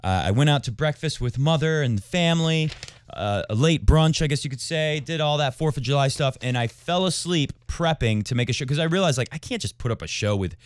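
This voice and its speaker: A man's voice: fairly high pitch, lively intonation, a little fast, smooth, no echo. A man hosting a tennis podcast and working as a tennis coach, talking in a chatty, rambling way that jumps between tangents. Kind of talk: casual tennis commentary.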